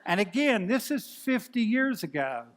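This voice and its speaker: A man in his sixties, a pastor telling a folksy, animated story in a sermon. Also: high voice, normal speed. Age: 60s.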